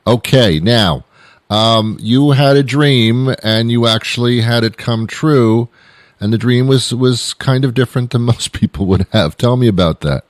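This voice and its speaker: A man's voice: mid-range voice, unhurried, dry recording, studio quality. A man hosting a talk radio show, talking in a joking, rambling way.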